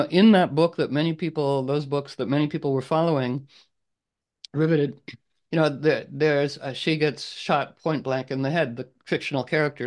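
A man leading a casual group video call, rambling with many restarts and frequent throat clearing. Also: on the high side. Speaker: group leader.

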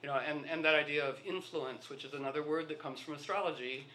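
A man's voice: a little high, steady tone, quick pace, sharp tone, slight background noise. A man telling rambling anecdotes in a casual talk, acting out the dialogue of the people in his stories. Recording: echoey room.

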